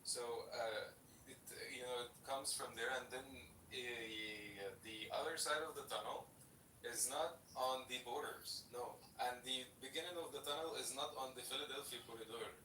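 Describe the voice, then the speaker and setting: A man's voice: mid-range voice, normal speed, pushed and bright. Man with an Arabic accent, hesitant, echoey. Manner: earnest, hesitant, many fillers. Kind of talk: casual political debate. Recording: echoey room, distant mic, faint hiss.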